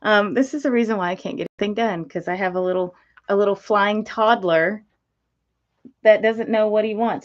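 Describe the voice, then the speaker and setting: Over dull audio, a woman with a medium-pitched voice and a moderate pace hosts a casual livestream about geckos, which she breeds. She talks chattily to viewers, drifts off topic easily, and speaks baby talk to her parrot.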